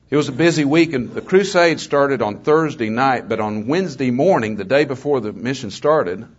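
Older man telling folksy stories. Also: mid-range voice. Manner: folksy, conversational, with joking asides. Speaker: guest speaker, former mayor. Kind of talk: storytelling testimony talk to an audience. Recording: slightly dull lo-fi recording.

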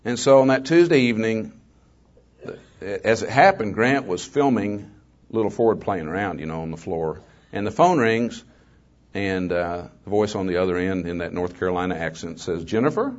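Captured on a slightly dull, lo-fi recording, this guest speaker is an older man and former mayor telling his testimony to an audience. He has a low-pitched voice at a moderate pace and spins stories in a folksy, conversational style, adding joking asides.

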